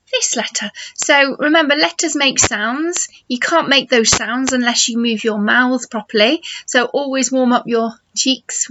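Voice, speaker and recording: A middle-aged woman teaching phonics to young children, slow and encouraging as she models sounds for them to copy. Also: fairly high pitch, fairly bright tone, slight background noise. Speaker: nursery teacher. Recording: dull lo-fi home video sound.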